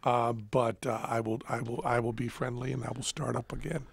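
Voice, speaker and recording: A gravelly, husky older man hosts a casual studio chat, spinning wry stories at an easy clip. His voice sits in a middle range, rough and a little raspy. The sound is dry and close. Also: medium pitch, little pitch movement, a little fast, dry recording. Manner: storytelling, wry. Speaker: podcast host.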